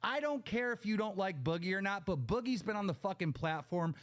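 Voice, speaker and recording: A man's voice: sits high, expressive, brisk, fairly bright tone. A man in a heated podcast argument, ranting aggressively and swearing.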